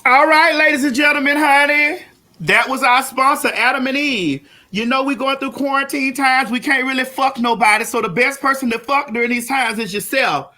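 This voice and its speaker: A woman hosting a live-streamed comedy talk show, loud, brash and profane, hollering at her audience. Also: high-pitched, moderate pace. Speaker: host.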